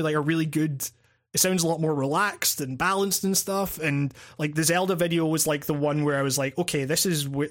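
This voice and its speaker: A Scottish man talks on a podcast in a loose, rambling way. His voice sits a little high for a man. He piles up fillers, restarts and casual swearing as he thinks aloud. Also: a bit bright. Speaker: podcast co-host and video essayist.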